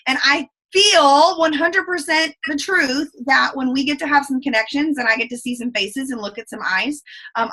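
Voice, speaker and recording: A woman in her late twenties talks fast with a thick Southern drawl, her voice bright and a little high. She is giving a folksy, effusive pep talk over a video call. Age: 20s. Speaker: guest speaker. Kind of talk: motivational team call talk.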